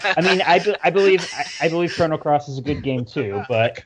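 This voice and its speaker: A man's voice: fairly high pitch, expressive, brisk, very noisy. A man co-hosting a casual podcast discussion, playful and teasing. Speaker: podcast co-host.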